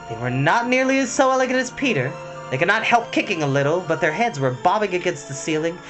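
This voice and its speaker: A man reading a storybook aloud at bedtime, expressive and dramatic with a gentle touch. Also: a little high.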